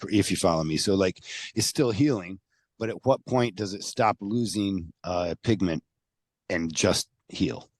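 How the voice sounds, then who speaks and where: A man's voice: low voice, a little slow, no echo. A man hosting a casual podcast chat, asking follow-up questions and joking around. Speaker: podcast host.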